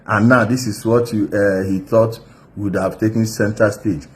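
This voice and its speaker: A man's voice: lowish voice, steady tone, normal speed. Scornful male commentator. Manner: scornful, hesitant with fillers. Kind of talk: political commentary.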